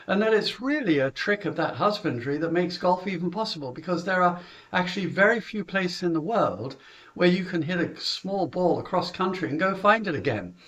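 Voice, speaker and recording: A man's voice: high voice, animated, normal speed, a bit bright. A middle-aged British man, a golf coach, chattily recounting how he runs his junior lessons, with chuckles and filler words. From Britain.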